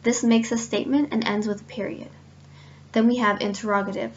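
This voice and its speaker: A woman's voice: a little high, fairly quick, slight background noise. A woman student reading a class presentation on grammar and giving spoken examples. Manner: steady, reads examples aloud. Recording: dull lo-fi recording.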